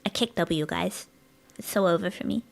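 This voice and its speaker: A woman's voice: lowish voice, normal speed, creaky. A woman streaming live, rambling in casual chat with her viewers and giggling often, her voice a bit strained. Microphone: dynamic studio mic.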